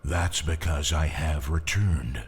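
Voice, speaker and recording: A man voicing a vengeful male ghost train engine in a slow, menacing way. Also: extremely low pitch, husky, voice pushed down, heavily acted.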